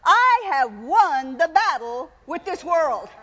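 A woman preaching a sermon in an emphatic, repetitive style, building to loud cries. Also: high voice, sing-song, takes it slowly, in a large hall, dull audio, a little hiss or hum.

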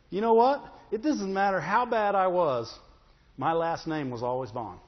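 Speaking at a measured pace in a voice that sits high, this pastor preaches emphatically and conversationally. He tosses in jokes and calls out to the congregation for an "amen," recorded in an echoey hall with dull, lo-fi sound.

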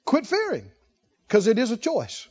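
Male preacher, very high voice, slow and lively sermon, lo-fi church tape. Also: slightly rough. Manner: animated, exhorting, laughs often.

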